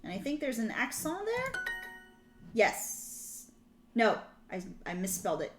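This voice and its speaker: Her voice is fairly high and swoops wildly in pitch, unhurried, with faint music behind it. Live-streaming her language study, she reads prompts aloud, translates them, and self-corrects in casual chat, in an echoey room with background noise of typing and clicks.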